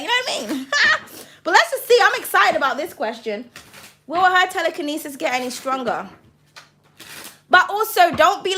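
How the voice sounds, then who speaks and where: A woman reading tarot cards on a livestream, bubbly and excitable, swearing casually and calling viewers darling. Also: a little high, slight background noise.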